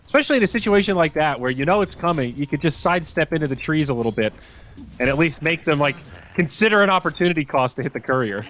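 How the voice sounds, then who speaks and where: A man casting a live esports match as play-by-play commentator, with excitable, animated calls. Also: a little high, quick pace. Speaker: esports caster.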